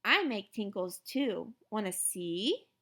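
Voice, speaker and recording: A woman's voice: medium pitch, big pitch swings, takes it slowly, sharp tone, exaggerated voice. A woman voicing a bossy, cheeky little preschool girl in a storybook reading.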